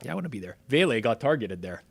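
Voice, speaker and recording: Male co-host, casual banter, animated swings in pitch, joking and quick. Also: creaky, breathy edge. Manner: lively, animated, jokey banter. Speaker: co-host of a sports betting watch-along. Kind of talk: casual live game chat.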